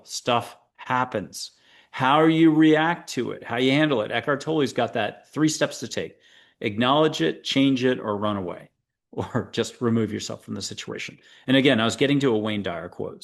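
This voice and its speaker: A man's voice: medium pitch, sing-song, moderate pace. Rambling, joking male spiritual show host. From United States. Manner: rambling and digressive, with playful asides and dad jokes. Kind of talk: casual spiritual talk to camera.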